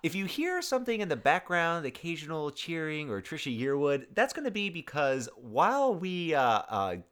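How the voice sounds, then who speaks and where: A man in his thirties co-hosts a casual conversation, often stopping to restart his sentences and leaning on fillers. His pitch rises and falls freely as he wanders through his thoughts. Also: big pitch swings, a bit bright, clear, resonant tone. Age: 30s. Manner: rambling, halting with many restarts and fillers. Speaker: podcast co-host. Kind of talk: casual chat.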